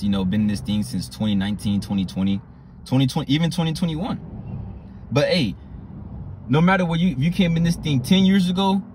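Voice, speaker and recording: A man preaching a sermon, repeating "right?" and "you know" often and reading scripture slowly. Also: mid-range voice, darkish tone, slight background noise. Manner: slow drawn-out scripture reading.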